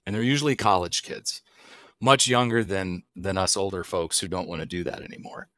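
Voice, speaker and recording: A man's voice: low-pitched, a little fast, a bit bright, no echo. A middle-aged man, a wild game chef, talking casually as a podcast guest, an easygoing storyteller who asks and answers his own questions.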